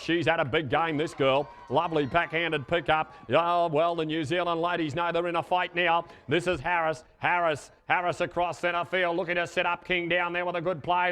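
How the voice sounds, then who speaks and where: Male sports commentator, live play-by-play; clean resonant tone, even pitch. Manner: rapid calls with fillers, rising to shouts at goals.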